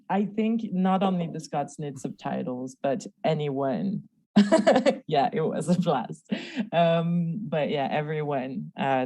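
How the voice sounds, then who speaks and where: A woman whose first language is French speaks English with a light French accent, her voice low and mellow. She chats as a guest, spinning stories and laughing often. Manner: laughing, lively storyteller. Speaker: guest researcher. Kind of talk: casual conversation.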